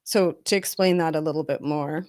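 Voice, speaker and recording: Earnest woman intimacy coach for a candid confessional vlog, fairly low-pitched, recorded dry and close. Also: fairly even intonation, normal speed, darkish tone, dry recording. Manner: candid, earnest, with frequent restarts. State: emotional, close to tears.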